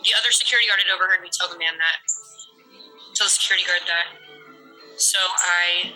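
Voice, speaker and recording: Bright-voiced young woman recounting calmly. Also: on the low side, faint music behind, low-quality recording. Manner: halting, restarts often while recounting. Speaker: ICU nurse. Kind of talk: personal account of an event.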